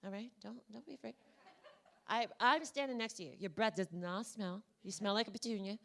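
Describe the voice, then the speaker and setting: A woman's voice: medium pitch, fairly quick, gravelly. A woman speaker giving a motivational talk at a conference and coaxing the audience through voice exercises. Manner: energetic, coaxing, talks to the crowd directly. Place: conference room.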